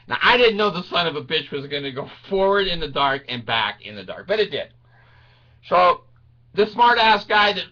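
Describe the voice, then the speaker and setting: An older man tells a rambling comic story, laughing as he talks, crude and self-mocking, his voice swinging between low mutters and high yelps. The tone is sharp and the sound lo-fi.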